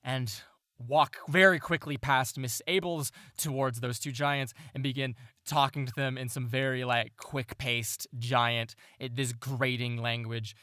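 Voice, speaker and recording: A man's voice: mid-range voice, steady tone, a little slow, bright, forceful tone, dry recording, studio quality. A man narrating as game master, rambling and correcting himself as he describes scenes.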